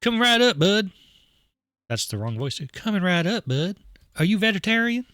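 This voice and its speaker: A man voicing a friendly, upbeat youth pastor dad who talks in a bright, wholesome way. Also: sits high, very animated, moderate pace, dry recording, studio quality, voice pushed up, full character voice. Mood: chipper.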